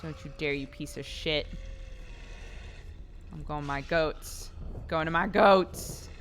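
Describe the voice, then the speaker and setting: A woman's voice: sits low, takes it slowly, slight background noise. A woman streaming a video game, talking casually and swearing often in exasperated outbursts. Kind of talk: casual gameplay commentary. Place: home streaming setup.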